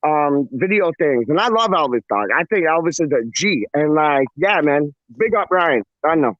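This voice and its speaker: A man's voice: a little high, expressive, normal speed, dry recording, muffled recording. A man from Canada chatting as a guest on a live stream, playful and full of slang. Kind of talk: casual live stream chat.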